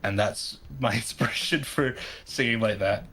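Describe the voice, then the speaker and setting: A man's voice: lowish voice, moderate pace, bright, forceful tone, slight background noise. A man guest-hosting a live stream, talking casually and hesitantly with many restarts. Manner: hesitant, full of restarts, laughing easily. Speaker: guest co-host.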